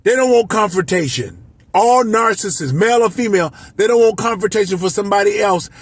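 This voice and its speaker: A man in his fifties from Miami, a life coach, delivering an impassioned, profane, shouting monologue. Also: high voice, animated, brisk. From Miami, United States. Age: 50s. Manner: shouting, profane, emotional ranting.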